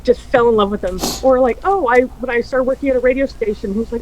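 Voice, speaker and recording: A woman radio host remembering a late friend, soft and hushed when grieving and lively when telling stories. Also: high-pitched, quick pace, few pauses, noisy background. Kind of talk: tearful tribute chat.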